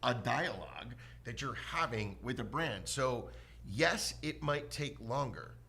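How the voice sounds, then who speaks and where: A man's voice: mid-range voice, lively intonation, measured pace, creaky, bright, forceful tone. A man co-hosting a casual podcast chat, telling anecdotes and acting out quoted voices. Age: adult with a son. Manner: storytelling, acts out voices in quotes. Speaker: podcast co-host.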